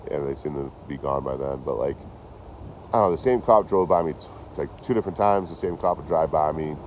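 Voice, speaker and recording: A man chatting casually to his livestream chat outdoors, telling stories in an animated, swearing way. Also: rumbling low, fairly quick, a little hiss or hum, poor audio. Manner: animated, swears a lot, talks to chat by name.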